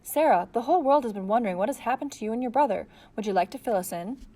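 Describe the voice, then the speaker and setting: A woman's voice: a little high, expressive, fast, voice pushed up. Pushy TV reporter woman, as a reader does her. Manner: bright and pushy.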